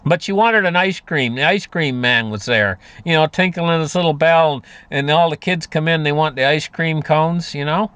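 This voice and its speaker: A man's voice: a little high, moderate pace, few pauses, fairly bright tone, smooth, no room sound. A man giving a rambling, folksy monologue about money and markets, full of fillers and restarts. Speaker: market commentator. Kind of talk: casual monologue on finance.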